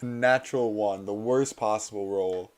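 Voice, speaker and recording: A man with a hoarse voice chatting casually and laughing at himself while livestreaming. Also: lowish voice, moderate pace. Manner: chatty, self-deprecating, laughs often. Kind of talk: casual study stream chat.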